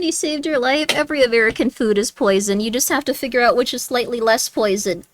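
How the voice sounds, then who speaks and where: Woman streamer, high voice, rambly casual chat, scolds pets now and then. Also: brisk, few pauses, rough recording. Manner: rambling, chatty, scolds her cat in a squeaky rising voice.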